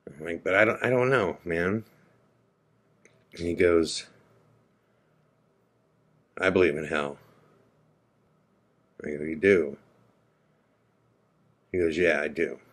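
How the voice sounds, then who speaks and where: Deep-voiced man telling a quiet story. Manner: slow, quiet, reflective retelling with quoted dialogue. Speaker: podcast host. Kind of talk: emotional personal storytelling.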